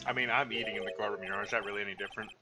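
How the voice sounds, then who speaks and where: A man's voice: fairly low pitch, steady tone, very fast, echoey room, over music, close to an everyday voice. A man voicing a wry, joking young male defense lawyer.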